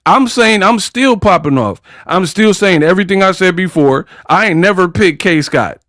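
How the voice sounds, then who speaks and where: Brief: fairly high-voiced man, slangy boxing trash talk, dry close sound. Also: animated, moderate pace, a bit bright, no room sound. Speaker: boxing commentary channel host. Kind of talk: casual commentary vlog.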